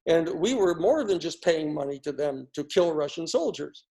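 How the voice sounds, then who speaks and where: A man's voice: fairly high pitch, lively intonation, normal speed, creaky, darkish tone. An older man from the United States giving a rambling, sarcastic political commentary, full of fillers and restarts. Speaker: speaker giving a political talk. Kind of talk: casual spoken commentary.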